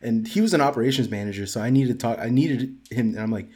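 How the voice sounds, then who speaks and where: Quick-talking man telling anecdotes. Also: medium pitch. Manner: fast, animated anecdotes with acted-out quotes. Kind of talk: casual chat.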